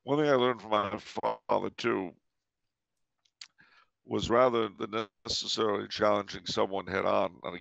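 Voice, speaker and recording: A man's voice: fairly low pitch, vocal fry, a bit bright, no echo, lo-fi sound. A man hosting a podcast, telling a story with dry, wry commentary. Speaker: podcast host.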